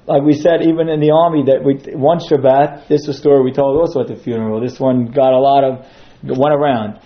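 A man's voice: mid-range voice, steady tone, brisk, lo-fi sound. A man giving a sermon that centres on a told story, acting out quotes as he goes. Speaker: synagogue speaker.

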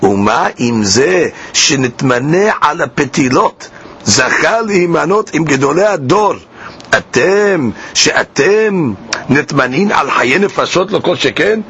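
A man teaching a Talmud class. He reads each line slowly and then explains it in plain English. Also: fairly high pitch, expressive, fairly bright tone, husky. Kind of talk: Talmud class, reading and translating. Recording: dull lo-fi class recording with faint hiss.

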